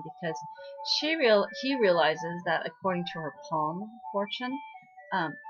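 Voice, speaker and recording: A woman's voice: medium pitch, a bit bright, muffled recording. A woman casually recapping a TV drama episode, chatty and full of fillers, acting out the characters' lines as she goes. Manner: chatty, lots of fillers, acts out quoted lines.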